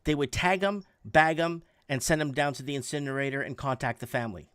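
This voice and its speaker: A man in his forties telling a story in a casual, animated way, often repeating words for emphasis. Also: a little high, a little fast, smooth, no room sound, studio quality. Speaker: podcast host.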